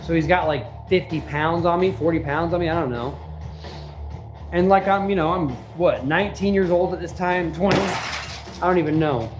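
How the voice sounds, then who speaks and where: A man casually telling a personal story, animated and repetitive, acting out what people said and the punches. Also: fairly high pitch, normal speed, roomy sound, soft background music.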